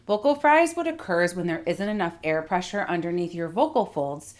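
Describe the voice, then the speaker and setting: A middle-aged woman voice coach giving a clear, articulate instructional lesson that demonstrates vocal techniques. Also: fairly low pitch, expressive, a little fast.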